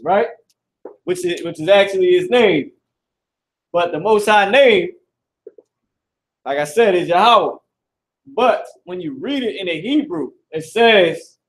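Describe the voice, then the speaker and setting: A man's voice: high-pitched, rough recording. A man teaching a live class at a board indoors, talking in a loose, slangy, profane way and often repeating himself. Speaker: Hebrew class instructor.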